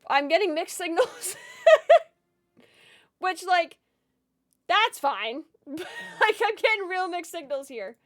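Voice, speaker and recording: A woman's voice: very high-pitched, very animated, slow, long pauses, fairly bright tone, dry recording, clean studio sound. A woman streamer giving chatty, casual gaming commentary, giggling often and swearing casually.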